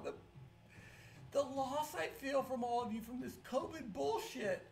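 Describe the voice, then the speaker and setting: A woman streamer, drunk and close to tears, talks in a halting, rambling, profane way with many restarts. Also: high voice, gravelly, darkish tone. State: tearful. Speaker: pinball streamer. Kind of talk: emotional live-stream monologue. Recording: echoey room with faint music. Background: faint music.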